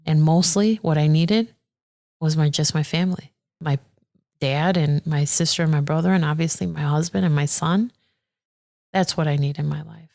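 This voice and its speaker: A woman who is a circuit judge, talking earnestly and warmly as a podcast guest, getting animated when she quotes people. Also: sits low, moderate pace, creaky. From Aurora, Illinois. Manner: earnest and heartfelt, animated when quoting others. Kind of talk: casual interview conversation.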